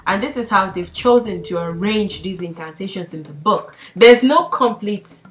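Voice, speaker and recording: A woman's voice: medium pitch, normal speed, soft background music. A young woman teaching a casual spoken lesson, chatty and laughing often, with playful mock pleas. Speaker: language teacher.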